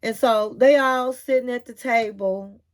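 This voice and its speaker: A woman's voice: fairly high pitch, unhurried. A woman recapping a reality show in a casual, gossipy chat, calling her listener honey.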